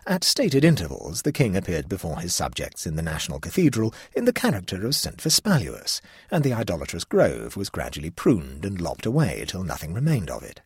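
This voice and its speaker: Husky, animated male storyteller. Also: low-pitched, a little fast, few pauses, dry recording, studio quality. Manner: expressive, storytelling delivery. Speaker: audiobook narrator. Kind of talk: scripted narration.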